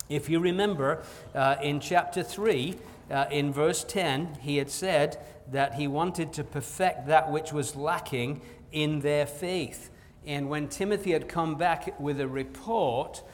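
A man preaching an evening Bible teaching sermon, earnest and emphatic, with frequent "uh" fillers and asides. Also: fairly high pitch. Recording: long hall reverb.

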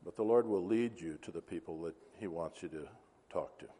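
A man's voice: sits low, brisk, mellow, slightly rough. A man preaching a sermon, telling a story and acting out the dialogue. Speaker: pastor. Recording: reverberant hall.

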